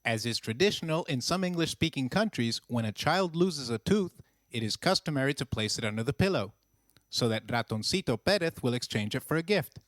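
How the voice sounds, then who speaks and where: A man narrating a scripted language lesson with slow, clear, encouraging drills. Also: medium pitch, animated, fairly bright tone, dry recording, clean studio sound. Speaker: language teacher.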